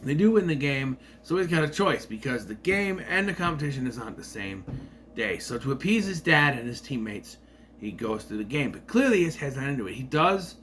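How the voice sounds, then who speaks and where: A man's voice: medium pitch, a bit bright, slight background noise. A man giving a casual, rambling movie review with sarcastic asides.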